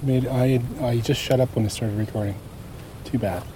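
A man's voice: medium pitch, steady tone, moderate pace, warm tone, a little hiss or hum. A man talking to himself on a walk through a marsh, rambling casually and chuckling at his own stories, recorded outdoors while he walks. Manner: meandering, chatty, self-amused. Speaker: nature walk vlogger.

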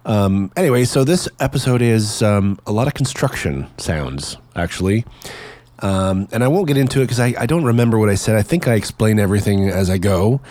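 A man's voice: fairly low pitch, expressive, fairly quick, a little mellow, dry recording. A man from Canada hosting his podcast in casual, chatty talk, laughing easily and sounding enthusiastic. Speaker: podcast host.

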